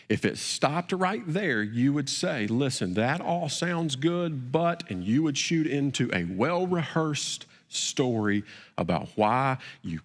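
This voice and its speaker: Man preaching a sermon in a reverberant church. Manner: repeats words, builds to emphatic peaks then drops low. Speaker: pastor. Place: church sanctuary. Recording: long hall reverb.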